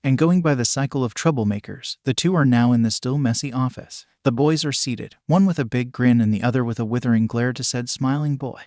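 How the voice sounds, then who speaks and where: A man narrating a comic fan fiction with brisk, matter-of-fact storytelling and wry asides. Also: medium pitch, a little mellow, no echo, clean studio sound. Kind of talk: reading a fan fiction aloud.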